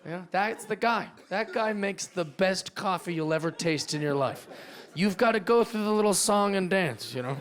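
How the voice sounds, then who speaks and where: A male stand-up comedian doing a brash, profane set, slipping into quick character voices. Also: high-pitched, expressive. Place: comedy club stage with live audience. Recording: live club set with loud crowd laughter. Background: audience laughing.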